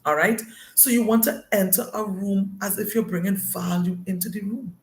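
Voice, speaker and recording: Lady coaching leaders, gravelly voice, keeps asking "all right?", echoey room. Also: medium pitch, fairly even intonation, normal speed. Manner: emphatic, often checks in with "all right?". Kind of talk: recorded leadership lesson.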